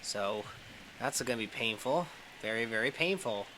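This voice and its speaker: A man's voice: normal speed, background noise. A young man giving his own running commentary over a baseball video game. He mutters to himself, groans at misses and cheers at hits. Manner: excitable, talks to himself, groans and cheers at each pitch. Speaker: gaming YouTuber.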